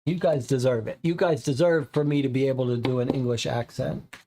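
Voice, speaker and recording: A man's voice: mid-range voice, fairly even intonation, brisk, noisy background. A man narrating a noir tabletop game for viewers, with chatty asides. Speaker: game host playing a solo noir case.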